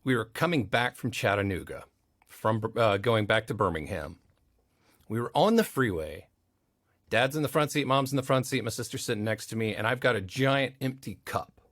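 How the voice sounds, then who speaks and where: A man's voice: medium pitch, moderate pace, no echo, clean studio sound. A man guest on a podcast, an audio engineer, telling stories casually and acting out the voices of the people in them. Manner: animated, acts out quoted voices. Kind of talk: casual interview storytelling.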